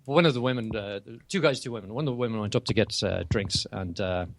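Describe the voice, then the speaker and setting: A man's voice: fairly low pitch, fast talker. A man co-hosting a casual podcast, telling anecdotes in a chatty, rambling way. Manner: chatty storyteller with many restarts. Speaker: podcast co-host. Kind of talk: casual chat.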